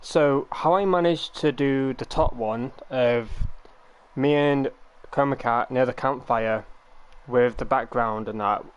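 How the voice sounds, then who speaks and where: A young man talking to his viewers on a live game stream. He speaks at a middle pitch and wanders through long, meandering explanations. He sounds casual and unhurried. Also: smooth.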